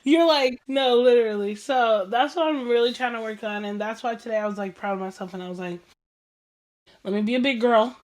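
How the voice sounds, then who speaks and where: A woman hosting a casual chat show, telling stories in an animated, slangy way, acting out what people said and laughing often. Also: fairly high pitch, quick pace, hardly any pauses. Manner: animated storytelling, acts out quoted dialogue, laughs often; slangy and informal. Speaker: podcast host.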